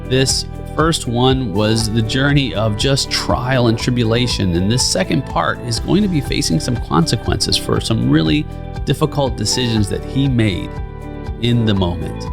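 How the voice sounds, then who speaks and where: A man's voice: medium pitch, expressive, unhurried, creaky. A man hosting a leadership podcast, introducing the episode in an earnest, encouraging way. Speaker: podcast host. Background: guitar music.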